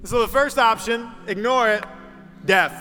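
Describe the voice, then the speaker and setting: Bright-voiced man preaching in a hall. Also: extremely high pitch, a little slow. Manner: conversational storytelling, voices quoted people. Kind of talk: sermon. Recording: reverberant hall with music underneath.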